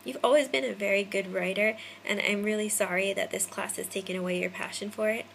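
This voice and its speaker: Chatty young American woman with vocal fry. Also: medium pitch, fairly even intonation, fairly quick, a bit bright, slight background noise, poor audio. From Hawaii. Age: 20s. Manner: chatty, rambling, addresses viewers by name. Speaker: vlogger. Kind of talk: casual chat to camera. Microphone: phone camera.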